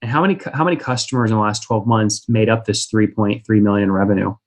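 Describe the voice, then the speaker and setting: A man's voice: on the low side, fast. A man in his thirties hosting a business interview and asking blunt, direct questions. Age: 30s. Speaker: interview host. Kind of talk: rapid-fire business interview.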